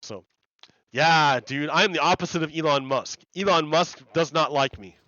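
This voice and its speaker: A man's voice: fairly high pitch, moderate pace, sharp tone, no room sound, lo-fi sound. A man chatting casually on a live game stream, rambling and repeating words as he explains ideas to his viewers. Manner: rambling, repeats words and restarts, laughs often.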